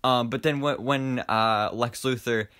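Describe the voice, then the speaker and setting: A young man casually reviewing an animated film, enthusiastic and rambling, with lots of fillers and restarts. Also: mid-range voice, measured pace, clean tone. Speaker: movie reviewer.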